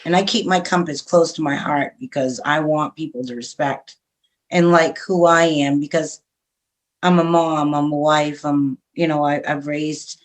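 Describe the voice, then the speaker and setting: A woman's voice: deep voice, steady tone, a little slow. A middle-aged woman, a radio host, talking frankly and chattily as a guest in a casual interview, laughing often.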